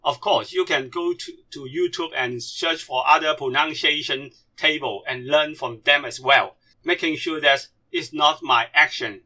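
A man whose first language is Cantonese, teaching a slide-based lesson in non-native English and slowly drilling syllables one by one. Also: on the high side, pushed and bright.

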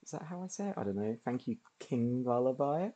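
A man's voice: mid-range voice, animated, brisk, mellow. A man streaming a video game, chatting casually and laughing often as he plays. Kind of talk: casual gameplay commentary.

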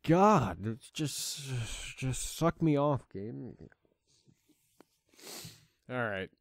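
Worn out and fed up with the game, a young man hosting a gaming channel swears freely through his let's play commentary, his mid-range voice animated and drawing out words. The recording is dry and studio quality.

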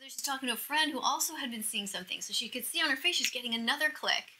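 A middle-aged woman with a high, piercingly bright voice gushes emotionally to the camera. She reacts to a video and keeps slipping into breathy whispers. The delivery is intense and heartfelt. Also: quick pace, faint music behind, poor audio. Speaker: vegan activist vlogger.

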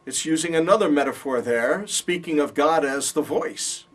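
A man's voice: on the high side, lively intonation, moderate pace. A man teaching a Bible college class, explaining patiently and checking in with his students, recorded in a classroom from a distance. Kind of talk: classroom lecture. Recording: voice from far off.

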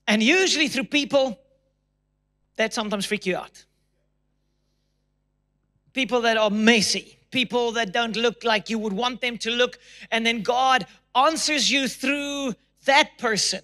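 A man preaches a sermon to his congregation. His voice sits very high and rings bright and forceful. He is emphatic, and he acts out people's prayers in a raised, pleading voice. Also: a little slow, pauses often. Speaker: pastor. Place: church auditorium.

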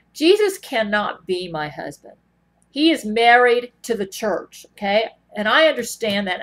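A woman in a personal vlog monologue, talking earnestly and meandering, often restarting her sentences. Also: mid-range voice. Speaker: vlogger. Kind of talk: rambling personal monologue to camera.

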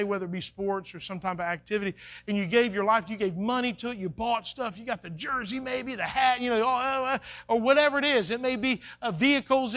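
A man's voice: high voice, fairly bright tone. A man preaching a sermon to his congregation in a folksy, conversational way, acting out little quotes. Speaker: pastor. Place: church sanctuary. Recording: faint music behind, church live stream.

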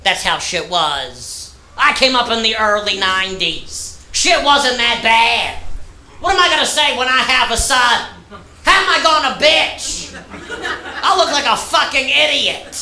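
A man in his thirties doing a stand-up comedy set, foul-mouthed and ranting, often rising to shouts. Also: extremely high pitch, expressive, measured pace, a little hiss or hum. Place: comedy club stage. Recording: echoey club with loud audience. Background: audience laughter.

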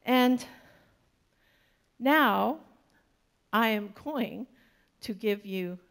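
Casting: woman minister, sermon delivery, slow and gravelly, storytelling with humor. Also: on the high side. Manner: storytelling, warm-humored, laughs often.

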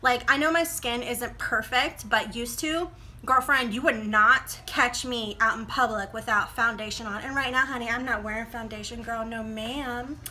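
A young woman with a bright, forceful voice set a little high chats sassily through a product review, calling everyone honey and girl. She talks fast, recorded on a camera mic at home with a faint hiss behind her. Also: steady tone. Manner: chatty, sassy, calls viewers honey and girl; fast-talking motor mouth. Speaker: beauty vlogger. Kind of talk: casual product review vlog. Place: home room with poor lighting.

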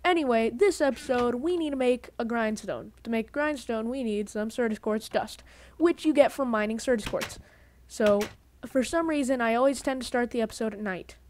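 A woman's voice: on the high side, moderate pace, few pauses, darkish tone, a little hiss or hum. A woman giving casual let's-play commentary on a headset, rambling, grumbling and cutting herself off mid-sentence. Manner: rambling, self-interrupting, grumbling. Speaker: gaming video host.

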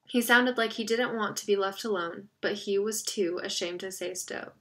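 A woman narrating a novel aloud in an expressive, steady reading style. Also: mid-range voice, moderate pace. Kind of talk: audiobook reading.

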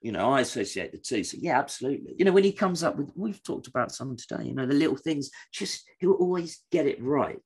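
Husky, gravelly man rambling. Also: mid-range voice, lively intonation, a little mellow. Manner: rambling, halting, many restarts. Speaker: podcast co-host. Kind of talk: casual chat.

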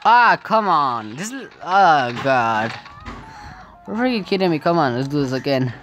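A woman narrates her gameplay in a casual, unhurried way, her pitch leaping around as she cries out in frustration and laughs. Her voice sits a little low, and faint game music plays behind her. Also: very animated. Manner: exclaims and laughs often, frustrated outbursts. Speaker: gaming video creator.

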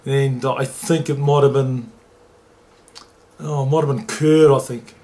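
A man, a former rugby league player telling an emotional story in an interview and getting lively when he quotes others. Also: mid-range voice, a little slow. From New Zealand.

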